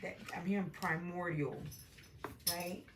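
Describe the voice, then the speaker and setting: A woman's voice: on the low side, steady tone, measured pace, very noisy. A woman giving a meandering intuitive tarot reading from home, often adding "right?" as she talks. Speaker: tarot reader. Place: home with a dog nearby.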